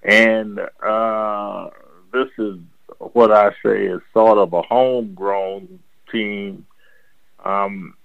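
An older man and former basketball player, answering interview questions slowly, with many pauses and fillers, on a dull lo-fi recording. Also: lowish voice, steady tone, vocal fry, dry recording. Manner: slow, halting, with many fillers. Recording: dull lo-fi sound.

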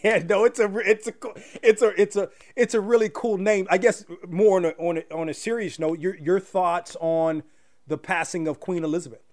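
High-voiced halting male host. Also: steady tone, darkish tone. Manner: halting, many fillers. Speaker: radio host. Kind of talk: interview.

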